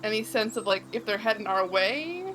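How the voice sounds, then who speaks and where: A woman's voice: mid-range voice, lively intonation, normal speed, a bit bright, a little hiss or hum. A woman playing a tabletop game in casual chat, hedging with fillers and laughing often. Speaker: player.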